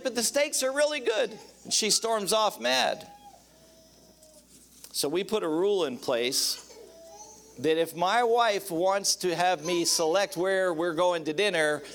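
A male pastor preaching on marriage with a higher-pitched voice. He keeps it folksy and joking, breaks his points into numbered rules, and calls out for amens. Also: a little slow, fairly bright tone. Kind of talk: sermon on marriage.

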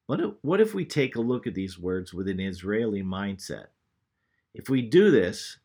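A man's voice: on the low side, breathy edge. A man preaching a sermon, who reads scripture aloud and asks the congregation questions.

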